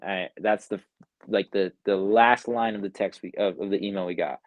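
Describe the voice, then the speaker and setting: A man's voice: deep voice, moderate pace, dry recording. A young man, a music producer, casually telling a story in an online interview and acting out what others said, with lots of "like". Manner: animated retelling, acts out quotes, says "like" often. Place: home, online live interview. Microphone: video call.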